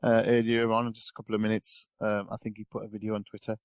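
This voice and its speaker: Rambling chatty man, low voice. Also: monotone, fast talker, clean tone, no echo. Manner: rambling, chatty, lots of fillers and restarts. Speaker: guest pundit. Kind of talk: casual podcast chat.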